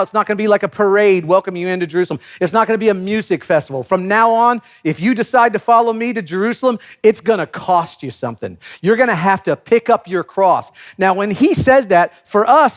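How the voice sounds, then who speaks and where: Man pastor, sermon, animated storytelling, high voice, very lively pitch. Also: a little fast. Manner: animated storyteller acting out quotes, joking.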